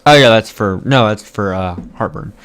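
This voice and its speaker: A man's voice: fairly low pitch, moderate pace, a bit bright, clear, resonant tone. A young man co-hosting a podcast, telling a story in casual chat, rambling with lots of "like" and casual swearing. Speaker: podcast co-host.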